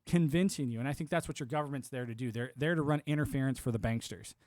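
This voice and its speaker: A man's voice: mid-range voice, quick pace, no room sound, clean studio sound. A man in his thirties from the United States, hosting a livestream in a casual, rambling monologue, often acting out quoted voices. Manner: animated, acts out quoted voices, filler-heavy. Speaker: livestream host.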